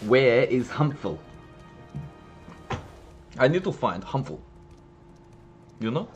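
A man's voice: mid-range voice, very animated, slow pace, long pauses, muffled recording, faint music behind. A young man giving casual, joking commentary while streaming a game, swearing now and then.

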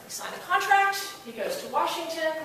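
A woman's voice: very high voice, animated, fairly quick. A woman law professor giving a public lecture, telling a story in a conversational, wry way, with fillers and restarts. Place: lecture hall. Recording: very echoey room, voice heard from a distance, faint noise.

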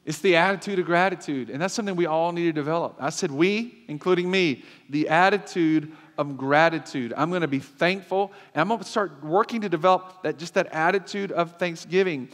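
A man's voice: on the high side, fairly quick, few pauses, fairly bright tone. A male pastor preaching a sermon with emphatic asides and call-and-response to the congregation. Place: church sanctuary. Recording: long hall reverb.

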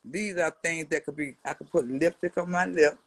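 A woman's voice: sits low, normal speed, no echo, rough recording. Brash trash-talking woman in her seventies. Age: 70s. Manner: brash, mocking, swings from mutters to loud jabs. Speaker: social media personality answering a rival. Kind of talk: profane trash-talking response rant.

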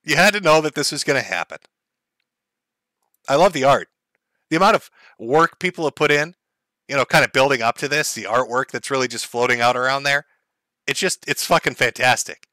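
A man's voice: medium pitch, brisk, pauses often, bright, forceful tone, no room sound. A man hosting a livestream, giving crude, sarcastic commentary and laughing often. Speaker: livestream host.

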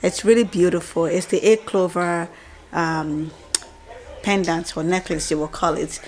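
A woman's voice: on the low side, steady tone, unhurried, a little mellow. A woman, a mother chatting casually to her vlog viewers about family life. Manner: chatty, talks to viewers directly.

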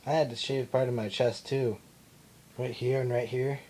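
A man's voice: mid-range voice, fairly even intonation, normal speed, darkish tone, husky. A young man rambling and swearing in a casual, self-mocking way while he records himself at home. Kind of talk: casual vlog. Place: indoors at his mom's house. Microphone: self-recorded camera mic.

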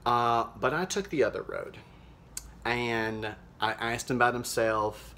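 A man playing a cheerful, naive small-town mom, talking in a folksy, rambling way with many fillers in a deadpan comedic monologue. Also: medium pitch, measured pace, a little hiss or hum. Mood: chirpy. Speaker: social media show host character.

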